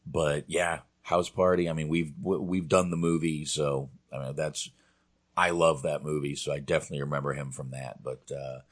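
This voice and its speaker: A man's voice: rumbling low, little pitch movement, normal speed. A man hosting a podcast in casual chat, laid-back and agreeable, with hesitant fillers. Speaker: podcast host.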